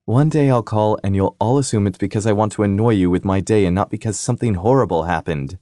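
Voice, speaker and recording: A man's voice: on the low side, quick pace, warm tone, dry recording, studio quality, natural voice. A man voicing a cheerful, teasing young woman in an audiobook, a playful sister. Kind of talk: audiobook character reading.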